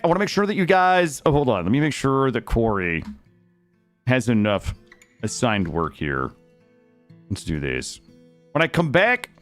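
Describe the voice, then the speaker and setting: A man streaming a game, chatting casually and directly to his viewers. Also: fairly high pitch. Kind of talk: casual live-stream chat. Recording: loud music behind the voice.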